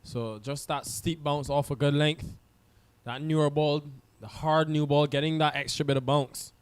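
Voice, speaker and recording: Male cricket commentator, slightly high, smooth and clear, chatty play-by-play. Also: fairly even intonation, moderate pace. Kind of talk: live sports commentary.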